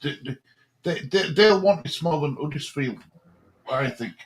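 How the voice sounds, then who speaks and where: A man's voice: a little high, lively intonation, unhurried. A man co-hosting a football watch-along stream, chatting in an easygoing, agreeable way. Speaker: co-host. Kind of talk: casual live-stream chat.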